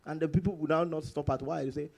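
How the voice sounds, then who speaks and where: A man preaching a sermon in church, reading scripture slowly and emphatically, swinging between loud exclamations and quiet, drawn-out lines. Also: fairly high pitch, fairly even intonation, gravelly. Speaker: pastor.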